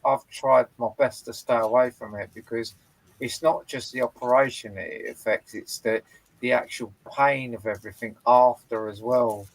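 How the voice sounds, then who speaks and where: A man's voice: mid-range voice, fairly even intonation, normal speed, no room sound, rough recording. A man streamer in casual chat, sweary, often restarting his sentences. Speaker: live streamer.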